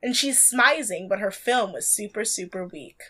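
A woman's voice: medium pitch, animated, normal speed, pushed and bright, husky. A woman co-hosting a casual chat show, wry and chatty, stretching words out for emphasis. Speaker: podcast co-host recapping a reality show.

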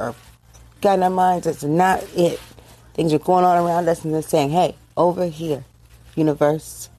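A middle-aged woman from the United States, hosting a casual monologue, speaking emotionally and haltingly with many fillers and restarts, tearful. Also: fairly low pitch, dark tone. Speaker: host. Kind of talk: casual monologue on current events.

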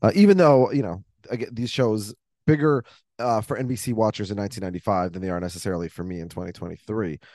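A man's voice: on the low side, fast talker, mellow, no echo, studio quality. A man hosting a casual podcast chat, thinking aloud and rambling between points. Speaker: podcast host.

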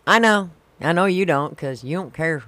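A man co-hosting a casual podcast chat, swearing, laughing often and dropping quick agreements. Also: on the high side, animated, sharp tone, dry recording. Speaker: podcast co-host and creator.

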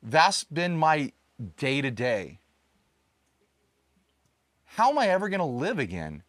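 A man's voice: a little high, takes it slowly, dry recording. A man hosting a casual chat outdoors, telling stories and laughing often. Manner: laughs often, animated storytelling. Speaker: podcast host. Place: outdoors on a tropical island.

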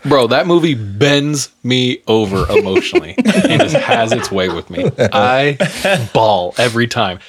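A young man chatting casually with friends, animated and slangy, laughing often. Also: fairly high pitch. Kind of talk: casual chat.

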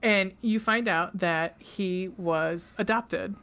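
A woman podcast host casually retells a movie plot into a studio mic, rambling and chatty with many fillers. Her mid-range voice is fairly bright, and she takes it slowly.

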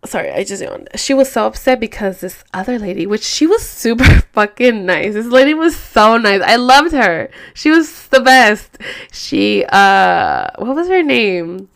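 A woman's voice: a little high, big pitch swings, unhurried, creaky, fairly bright tone. A woman hosting a podcast, telling a story in a rambling, profane, casual way full of fillers. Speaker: podcast host.

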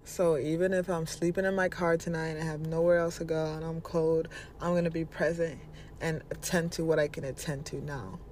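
High-pitched guy on his podcast, blunt spiritual pep talk, swears a lot, super casual. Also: little pitch movement, brisk, darkish tone, slight background noise. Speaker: podcast host. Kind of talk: spiritual motivational monologue.

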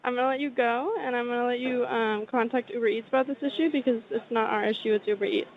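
Calm, fast-talking customer service voice. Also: medium pitch, narrow, tinny audio. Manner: calm, patient, polite.

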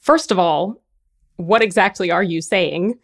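A woman's voice: on the low side, a little slow, vocal fry. A woman co-hosting a radio show who chats in an amused way with the guest. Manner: amused, chatty.

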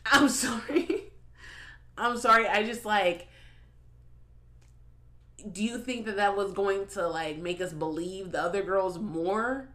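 A woman's voice: mid-range voice, measured pace, pauses often, a bit bright. A woman hosting a podcast, chatting casually with lots of laughs, profanity and filler "like"s. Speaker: podcast host. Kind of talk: casual chat commentary.

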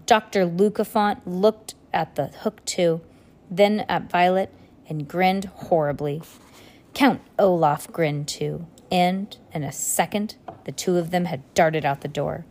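Low-voiced woman reading a novel aloud. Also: steady tone, slow, a little mellow. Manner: breaks off for casual asides. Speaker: reader.

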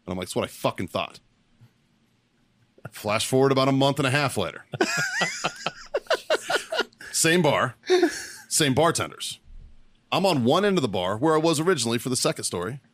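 Loud, swearing man. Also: mid-range voice, fairly quick, long pauses, slight background noise. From Baltimore, Maryland. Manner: loud, swearing, animated storyteller. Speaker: podcast co-host. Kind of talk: profane storytelling among friends.

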